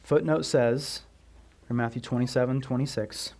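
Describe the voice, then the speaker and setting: A man preaching a sermon as pastor, emphatic, asking the congregation questions and swinging from loud stressed words down to a near whisper. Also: medium pitch, fairly even intonation, moderate pace, gravelly.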